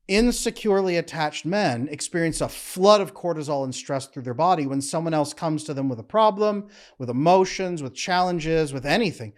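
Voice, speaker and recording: Man, relationship coach, calm measured talk, emphatic short phrases, animated pitch. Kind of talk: motivational talk to camera.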